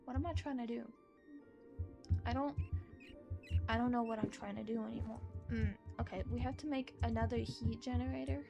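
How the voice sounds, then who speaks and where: Over music, an American woman chats casually while she streams a game, rambling and sometimes swearing. Her fairly high voice is gravelly and steady in tone, at normal speed with frequent pauses. She has a neutral American accent with a few British-sounding words.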